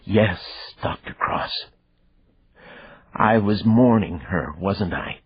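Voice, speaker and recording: A man's voice: deep voice, takes it slowly, husky, no echo, heavily acted. A grief-crazed, arrogant killer, put on by a man, taunts in a strained, raised voice. The audiobook sound is dry and a little dull. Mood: mocking. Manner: mocking, then wailing.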